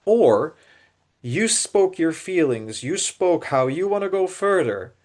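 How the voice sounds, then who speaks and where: A man's voice: on the high side, big pitch swings, slow pace, darkish tone. Earnest man musing with many restarts. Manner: earnest, searching, many restarts and repeated words. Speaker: podcast co-host. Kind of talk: reflective casual podcast talk.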